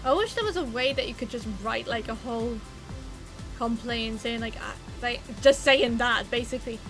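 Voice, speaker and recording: Woman streamer, fairly high voice, loose and sweary chat, faint music behind. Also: normal speed, a bit bright. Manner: rambling and profane, with many fillers. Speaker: livestreamer.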